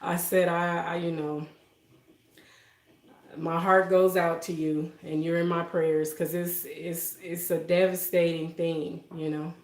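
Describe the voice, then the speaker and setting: A woman's voice: on the low side, level tone, slow. Emotional woman chatting in a roomy kitchen. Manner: emotional, soft-spoken, laughs often. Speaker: livestream host. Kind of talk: casual live-stream chat with viewers. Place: home kitchen.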